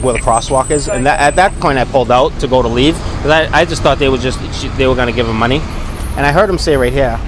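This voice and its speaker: A middle-aged man giving police a witness account outdoors, retelling what happened in quick, animated quoted exchanges. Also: mid-range voice. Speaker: witness reporting an incident to police. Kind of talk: casual spoken account. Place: outdoors on a city street beside traffic. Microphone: police body camera. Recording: street noise and passing traffic.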